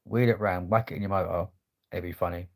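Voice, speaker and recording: A man's voice: low-pitched, fairly even intonation, quick pace, creaky, a little mellow. A man chatting casually on a livestream, swearing freely in laddish banter. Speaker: livestream host.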